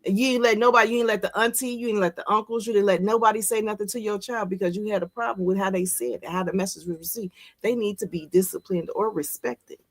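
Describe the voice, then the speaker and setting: A woman's voice: mid-range voice, fairly even intonation, fast talker. A woman in her fifties, a guest on a podcast, speaking bluntly and emphatically in casual chat full of slang. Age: 50s.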